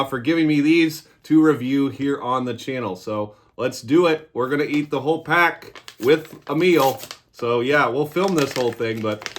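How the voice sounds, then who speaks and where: A cannabis reviewer hosts his own vlog, his mid-range voice fairly bright. He talks casually while eating, joking in an irreverent way.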